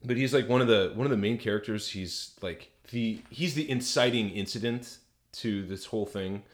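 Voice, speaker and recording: A man co-hosting a podcast, telling a story in crude, animated casual chat with lots of fillers. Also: lowish voice, normal speed. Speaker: podcast co-host.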